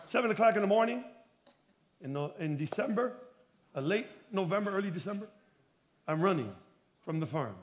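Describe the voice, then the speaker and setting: Preaching a sermon, this high-pitched male pastor from Chicago tells a story and acts out its dialogue. He breaks into bursts of shouting for emphasis.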